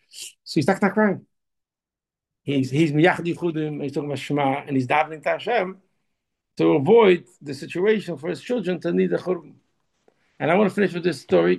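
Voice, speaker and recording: A man gives an informal Torah talk in a gravelly, husky voice that sits a little high. He stumbles and repeats words, then drives his points home with emphatic urging. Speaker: Torah teacher.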